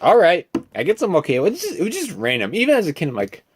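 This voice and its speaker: Animated young man reviewing a film. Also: high-pitched, fast talker, a little hiss or hum. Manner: animated and chatty, full of fillers and asides. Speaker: movie reviewer.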